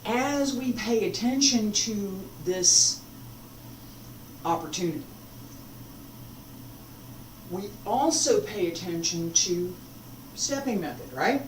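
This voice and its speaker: Woman, martial arts teacher, lively pitch, slow and unhurried, echoey room, distant mic. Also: slight background noise. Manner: unhurried, breaks off mid-demonstration. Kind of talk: demonstrating and teaching a form.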